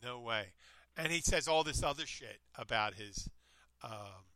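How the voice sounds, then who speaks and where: Rambling male co-host, bright tense voice, dry close sound, casual chat. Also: mid-range voice, a little slow, no room sound. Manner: meandering, self-interrupting, animated retelling.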